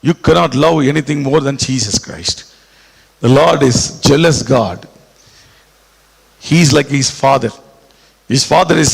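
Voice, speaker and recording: A man preaching a sermon, animated and repetitive, dropping suddenly quiet. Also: medium pitch, a little slow, vocal fry, pauses often, slightly rough. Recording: echoey hall with long reverb.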